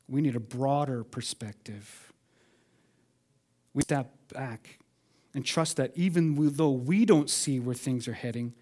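A man preaching a sermon as pastor, swinging between loud emphatic lines and hushed ones, calling on the congregation to respond. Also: mid-range voice.

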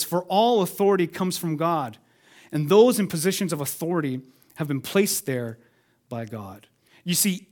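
Pastor guy preaching, bit high voice, goes big then drops way soft, gets the crowd to answer back. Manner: dynamic preaching, swings from loud to hushed, calls for congregation response. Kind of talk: sermon.

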